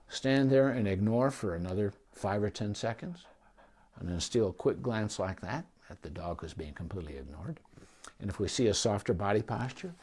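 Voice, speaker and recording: A middle-aged male veterinarian gives relaxed, practical advice on training a dog. His delivery is folksy and conversational, and he keeps checking in with listeners with a quick "okay?". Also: on the low side, breathy edge. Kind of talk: casual instructional talk to camera.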